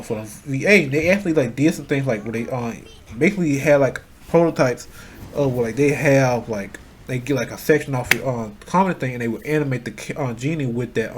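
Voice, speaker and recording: A man's voice: medium pitch, husky. A man in a casual, rambling rant, full of fillers and restarts, swearing freely and growing heated. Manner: grows loud and heated. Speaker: channel host. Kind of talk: casual rant about voice acting.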